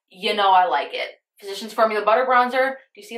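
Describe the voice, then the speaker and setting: Young woman, beauty vlogger, chatty get-ready-with-me storytelling, mid-pitched, roomy echoey room. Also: fast, few pauses, a bit bright. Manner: chatty, addresses viewers as "you guys"; earnest, serious storytelling voice.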